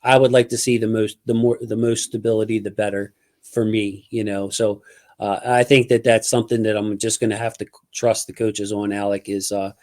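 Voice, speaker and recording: A man's voice: fairly low pitch, a little fast. Emphatic man hosting a sports chat. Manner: animated, emphatic. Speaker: podcast host.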